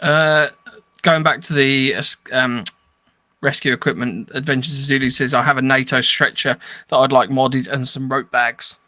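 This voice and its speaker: A man's voice: mid-range voice, steady tone, moderate pace, pushed and bright, no echo. A man hosting a podcast, reading out listener questions in a joking, casual way.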